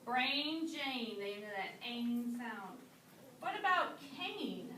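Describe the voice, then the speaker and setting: High-voiced woman teaching a class. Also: animated, crowd noise. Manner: slow, clear, encouraging prompts. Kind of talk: classroom phonics lesson. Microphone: camera in the room. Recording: roomy classroom sound from a distance with background noise.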